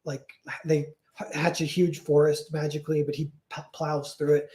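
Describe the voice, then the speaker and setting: A man's voice: fairly high pitch, completely flat delivery, normal speed, a little mellow. A man casually retelling a folk tale on a livestream, rambling and full of "like" and self-corrections. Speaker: streamer.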